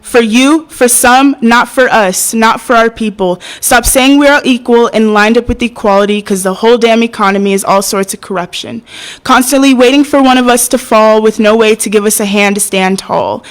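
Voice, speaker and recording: A young woman performing spoken word poetry at an open mic, hesitant and soft-spoken between poems, passionate when she recites. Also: fairly high pitch, moderate pace, rough recording. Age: young adult.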